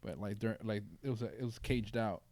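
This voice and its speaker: A man on a podcast, talking in relaxed, joking, slangy casual chat. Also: on the low side, brisk, no room sound. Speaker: podcast guest.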